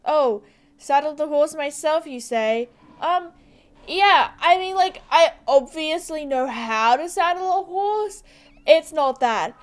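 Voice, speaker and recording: A woman's voice: high-pitched, animated, slow pace. A woman voicing a snooty, jumpy new teen girl at a stable in a horse game, defensive and boastful, reading the game's lines aloud.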